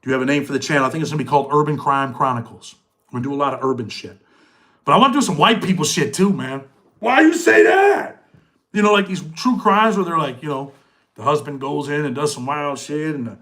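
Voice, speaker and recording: Man host, middle-aged, slightly higher voice, relaxed street talk with his live viewers. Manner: loose street slang, reads out chat comments. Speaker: channel host. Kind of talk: casual livestream chat with viewers.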